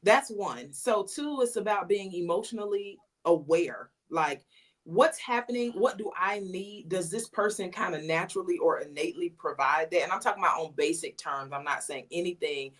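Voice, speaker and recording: A woman's voice: lowish voice, normal speed. A woman guest on a podcast, casually telling a personal story and acting out the messages she quotes. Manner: lively retelling, acts out quoted messages.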